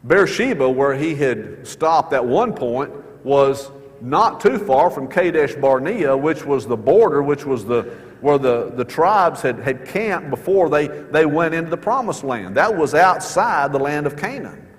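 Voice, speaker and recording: A man preaching a sermon in church, earnest, repeating his key questions and slowing down to stress words. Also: fairly high pitch, lively intonation, long reverb tail. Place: church sanctuary.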